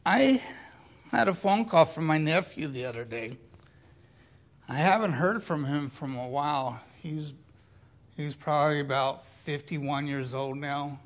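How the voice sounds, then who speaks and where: An older man preaching a sermon in a slow, deliberate way, dropping into quiet asides. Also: a little high.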